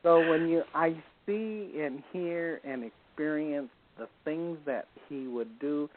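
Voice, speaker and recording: A man's voice: a little high, slight background noise. Man telling stories over a tinny line. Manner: chuckles while telling stories. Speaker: guest. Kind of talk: casual anecdotal storytelling.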